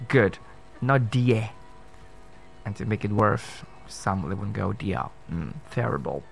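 A man's voice: medium pitch, very animated, slow, gravelly. A man teaching pronunciation on the radio, spelling words out letter by letter and correcting common mistakes. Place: radio studio.

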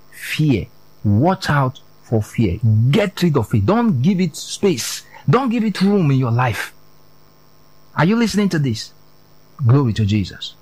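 A man preaching a sermon, often checking whether his listeners are following him, and dropping low on key words. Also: dry recording, rough recording. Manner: repeats "are you getting this?" to the congregation.

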